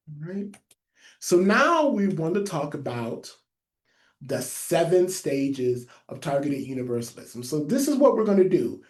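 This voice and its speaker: A man with a lisp presents a training webinar in a mellow, warm tone. He leans on key phrases and says them twice so listeners can note them down. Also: fairly high pitch. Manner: emphatic, repeats key phrases for note-takers. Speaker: public health trainer.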